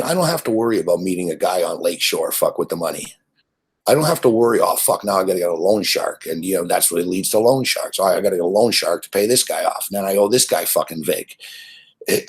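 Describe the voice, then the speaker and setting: A man's voice: sits low, expressive, fast, slightly rough. A man hosting a sports betting show, ranting in a blunt, profane, rambling way about gambling on credit.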